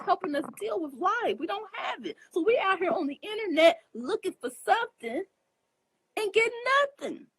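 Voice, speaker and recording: A woman's voice: very high-pitched, rough recording. A woman astrologer speaking casually and earnestly to her viewers, emphatic and preachy, often asking if they understand, and openly emotional. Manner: earnest, emphatic, preachy, addresses listeners directly. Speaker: astrologer giving advice. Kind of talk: casual spoken monologue to viewers.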